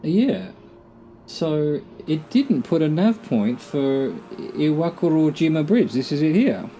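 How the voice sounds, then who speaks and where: A man's voice: fairly high pitch, very animated, slow, mellow, slight background noise. A middle-aged Australian man giving casual gameplay commentary, muttering to himself with dry, self-mocking jokes. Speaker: gamer.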